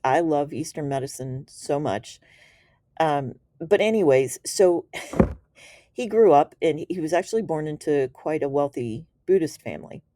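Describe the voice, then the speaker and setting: A woman with a low, mellow voice tells a story in a relaxed, chatty way. Her talk is slangy and enthusiastic, with easy laughs in between. The sound is dry and close, with no room around it. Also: no room sound. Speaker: Reiki teacher. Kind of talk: casual storytelling explanation.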